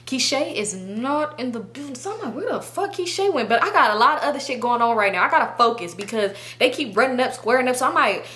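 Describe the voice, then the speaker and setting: A young woman tells her viewers a story in a casual, animated way, packed with slang and swearing. Her voice sits high for a woman. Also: fast talker, few pauses. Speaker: storytime vlogger.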